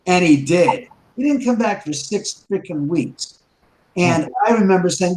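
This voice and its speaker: Animated man telling a ghost story. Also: fairly high pitch, normal speed, poor audio. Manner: rambling, animated, with many restarts and quoted dialogue. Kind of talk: casual storytelling chat.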